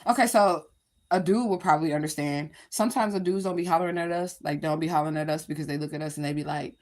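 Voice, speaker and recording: A woman with a lowish, darkish voice talks fast as she hosts a livestream. Chatting casually, she addresses her viewers directly, candid and rambling, and swears freely.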